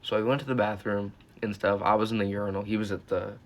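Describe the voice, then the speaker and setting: This YouTuber is a teenage boy whose low-leaning voice moves fast with fairly even intonation. His storytime vlog wanders, peppered with profanity and constant "like" and "uh."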